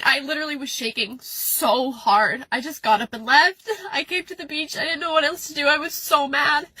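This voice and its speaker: Bright, high young woman venting tearfully. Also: lively intonation, no echo. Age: young adult. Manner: tearful, upset, rapid venting. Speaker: person venting in a posted video. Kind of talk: emotional personal venting. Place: outdoors at a beach.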